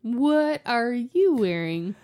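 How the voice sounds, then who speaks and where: A woman who is a hockey mom, chatting on a podcast and telling lively, exasperated stories with frequent laughter. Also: fairly high pitch, slow pace. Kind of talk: casual chat, animated storytelling.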